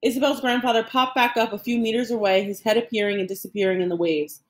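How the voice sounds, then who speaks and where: A woman reading a novel aloud as an audiobook narrator, measured and expressive. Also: on the high side. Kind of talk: scripted narration.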